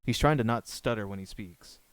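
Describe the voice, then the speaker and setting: A man's voice: lowish voice, brisk, clean tone, no room sound. A man co-hosting a casual podcast chat, teasing his co-host and swearing casually.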